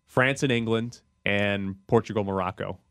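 A man hosting a casual sports talk show, animated and quick to laugh. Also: fairly low pitch, clean tone.

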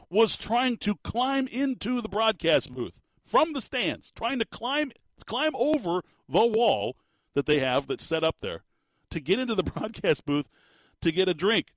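A man hosting a casual sports talk show, rambling and animated with lots of restarts. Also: sits high, unhurried, no room sound. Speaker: sports podcast host.

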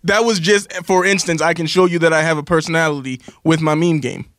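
A young man co-hosting radio, laid-back and deadpan in casual banter. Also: fairly high pitch, brisk, no echo, studio quality. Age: young adult.

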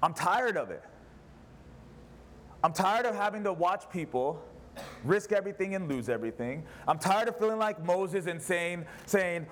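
A man's voice: high-pitched, lively intonation, moderate pace, a bit bright. A pastor preaching a sermon in church, an impassioned man who fires off rhetorical questions. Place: church service.

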